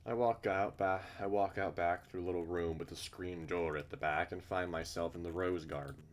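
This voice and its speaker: Man, very low pitch, reads a visual novel aloud, casual sweary commentary. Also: steady tone, moderate pace, a little hiss or hum. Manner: swears freely, blunt asides.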